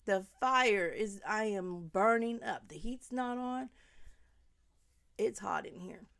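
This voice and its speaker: A woman's voice: mid-range voice, slow pace, gravelly, a bit bright. A woman giving an angry, rambling commentary monologue, talking straight at the person she criticizes and sometimes dropping to a whisper. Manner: heated, rambling, addresses the subject directly, drops to whispers. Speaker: commentary vlogger.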